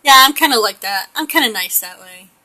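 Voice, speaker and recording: Woman, middle-aged, chatty and rambling, bright voice, slightly high. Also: expressive, a little fast, rough recording. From United States. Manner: chatty, rambling, laughs often. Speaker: pet portrait artist. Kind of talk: casual chat while painting.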